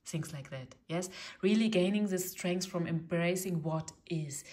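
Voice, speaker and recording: Gentle German woman reading tarot. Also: on the low side, measured pace. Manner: gentle, reassuring, often asks "yes?". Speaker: tarot reader. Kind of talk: casual tarot reading talk.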